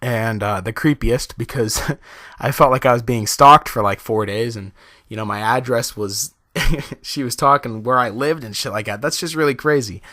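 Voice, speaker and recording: A man's voice: medium pitch, moderate pace, bright, forceful tone, no room sound, studio quality. A young man casually telling a personal story to his viewers, chatty and laughing often, with many fillers. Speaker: vlogger.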